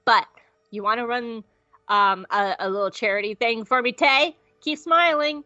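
A woman's voice: fairly high pitch, moderate pace, pushed and bright, no room sound, highs cut off. A woman doing a secretive scheming senator.

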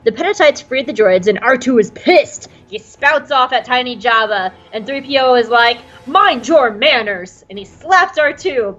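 A woman's voice: on the high side, a bit bright, dull audio. A woman with a Southern US accent, casually recapping a show as a podcast co-host with jokes and funny voices. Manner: chatty, jokey, tries funny voices.

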